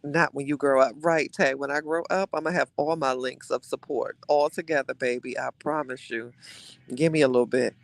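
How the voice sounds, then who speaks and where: A man hosting a live-streamed gossip show, chatting casually with his viewers in an animated, dramatic way and dropping into hushed asides. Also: medium pitch, normal speed, vocal fry, no room sound.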